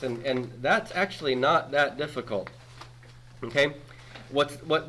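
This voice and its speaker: A man's voice: mid-range voice, pushed and bright. A man in his forties teaching a Greek grammar class, patiently explaining and checking in with students with "okay?" and "right?". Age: 40s. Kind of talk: classroom lecture.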